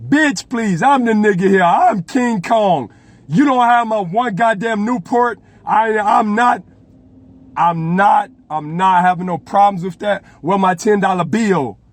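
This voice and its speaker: A man putting on a blustering, boastful middle-aged man in power, ranting loudly and profanely. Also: sits high, measured pace, pitched above the performer's own voice.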